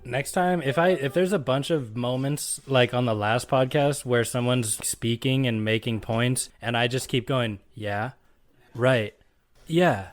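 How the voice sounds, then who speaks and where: A man's voice: medium pitch, moderate pace, hardly any pauses. A man co-hosting a podcast in casual chat, rambling, swearing freely and laughing often. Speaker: podcast co-host.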